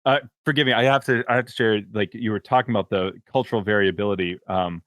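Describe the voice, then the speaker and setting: A man's voice: lowish voice, fairly even intonation, fast, a bit bright, no echo, studio quality. A man hosting a podcast, talking casually and hesitantly with many fillers and restarts. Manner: rambling, hesitant, filler-heavy. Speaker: podcast host.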